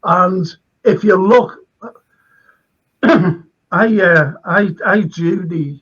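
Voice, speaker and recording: A man's voice: sits high, extremely slow, a bit bright, breathy edge, lo-fi sound. An older man with a Liverpool accent, a retired lecturer chatting as a guest in a rambling, emphatic way that keeps repeating phrases. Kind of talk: casual conversation.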